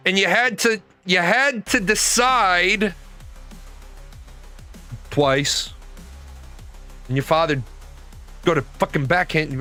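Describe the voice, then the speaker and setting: A man in his forties talks on a live stream in a loose, profane rant, full of stories. His voice sits high and bright, and faint music plays behind him. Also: measured pace, pauses often. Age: 40s. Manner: profane, animated storytelling. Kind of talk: ranting casual talk.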